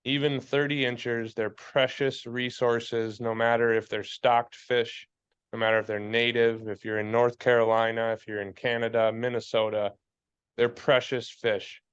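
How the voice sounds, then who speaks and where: A man's voice: medium pitch, level tone, normal speed, clean tone, lo-fi sound. A man co-hosting a fly fishing podcast in casual chat, blunt and fired up, swearing freely and preaching his point.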